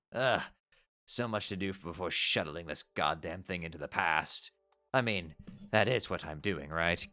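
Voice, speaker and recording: A man's voice: deep voice, bright, forceful tone, pitched below the performer's own voice. A man reading aloud as a grumbling, determined young adventurer in a put-on British accent.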